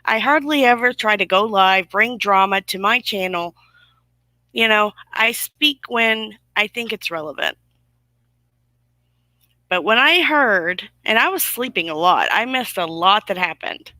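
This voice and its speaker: A woman's voice: medium pitch, expressive, unhurried, pushed and bright, dry recording. A woman hosting a livestream, ranting with indignant, sarcastic emphasis to her viewers. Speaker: YouTube livestream host. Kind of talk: casual livestream commentary.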